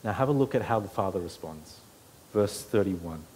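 A man's voice: sits low, lively intonation, normal speed, a little mellow, a little hiss or hum. A pastor preaching an earnest sermon to his church, his voice rising when he quotes scripture.

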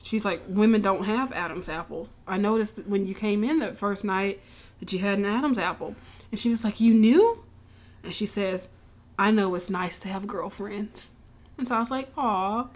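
A woman's voice: mid-range voice, normal speed. A woman co-hosting a casual chat, retelling a movie with lots of laughter and acted-out lines. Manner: animated storytelling, laughing often, acting out characters' lines. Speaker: podcast co-host recapping a movie.

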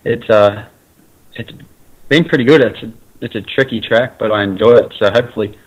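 A man with an Australian accent, a guest in a casual interview, talking in a relaxed way with many fillers and restarts. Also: lowish voice, normal speed, slightly rough, dull audio. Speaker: guest, racer.

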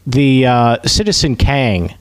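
A man's voice: mid-range voice, expressive, takes it slowly, no room sound. A man chatting casually about TV, hesitant, with many fillers and restarts.

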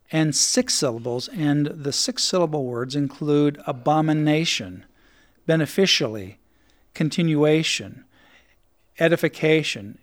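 A man hosting a talk show, earnestly explaining history and reading old texts aloud. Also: a little high. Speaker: host. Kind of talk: studio talk show discussion.

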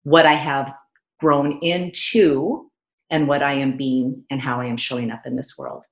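Podcast host, woman, low voice, slow and reflective, echoey room. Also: fairly even intonation. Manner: measured, affirming, unhurried. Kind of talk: slow, reflective interview talk.

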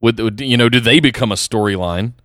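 A man's voice: medium pitch, quick pace, a bit bright, no room sound, studio quality. A man co-hosting a podcast, chatting casually and thoughtfully about a wrestling show. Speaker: podcast co-host.

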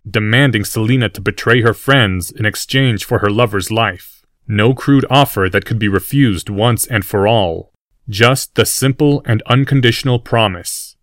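A male narrator reads a fantasy story in a steady, even storytelling manner. His voice is fairly low, and the recording is dry and close-miked. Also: no echo. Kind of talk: scripted audiobook narration.

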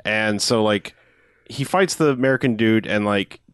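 A man co-hosting a casual movie-review podcast, adding wry deadpan jokes and steering the talk to scenes he wants to cover. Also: on the low side, normal speed, clean tone, no echo, clean studio sound. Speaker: podcast co-host.

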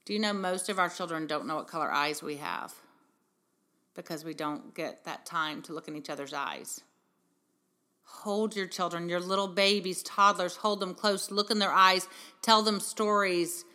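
Lowish, pushed and bright, her voice moves at a normal speed as she encourages mothers. The speaker is a middle-aged podcast host and parenting speaker whose earnest, heartfelt talk is full of rhetorical questions.

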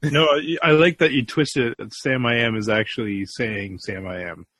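Deep, husky man in dry chat. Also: steady tone, normal speed, fairly bright tone. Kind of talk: casual chat.

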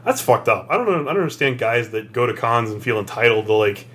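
Bright-voiced man telling a story. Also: medium pitch, fast talker. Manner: animated storyteller who acts out voices. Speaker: podcast co-host. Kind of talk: casual podcast storytelling.

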